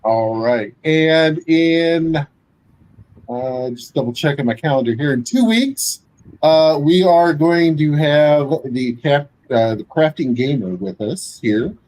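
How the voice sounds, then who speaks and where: A man hosting a casual tabletop-gaming live-stream chat, relaxed and jokey. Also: on the high side, takes it slowly, low-quality recording. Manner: relaxed, jokey, laughs while talking.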